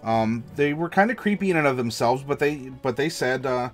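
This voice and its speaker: A man's voice: medium pitch, expressive, fairly quick, hardly any pauses. American man, game master, enthusiastic, demonstrative, mid-range voice, faint music behind. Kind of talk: livestream advice chat.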